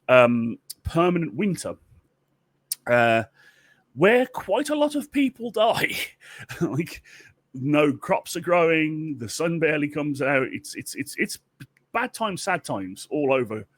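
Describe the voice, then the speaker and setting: Tipsy male storyteller, rambling and profane, lively delivery, dry close recording. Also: fairly high pitch, slow, no echo. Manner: rambling, profane, with many restarts. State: tipsy from drinks.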